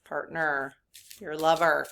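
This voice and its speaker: A chatty woman in her fifties with a slightly low voice talks casually to her viewers as a spiritual reader. She rambles into side stories and laughs often. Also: little pitch movement, takes it slowly, creaky, a bit bright.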